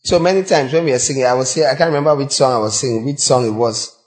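A male pastor preaching a sermon, urging and questioning his listeners directly, with a voice that cracks when he reaches high notes. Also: fast. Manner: exhorting, breaks into high sung demonstrations.

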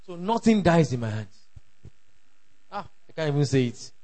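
High-voiced emphatic pastor. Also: male voice, sing-song, moderate pace. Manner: emphatic, repeats lines for the crowd to echo, shouts at peaks. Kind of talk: sermon.

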